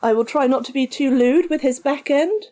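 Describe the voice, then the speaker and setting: A woman's voice: sits high, normal speed. A woman streaming a game live, chatting casually and answering her viewers. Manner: chatty, animated, reads and answers chat.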